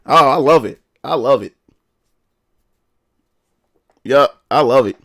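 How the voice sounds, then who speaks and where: A man's voice: mid-range voice, moderate pace, fairly bright tone. A young man chatting casually on a livestream in a rambling, slangy way, full of restarts and fillers. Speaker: live streamer.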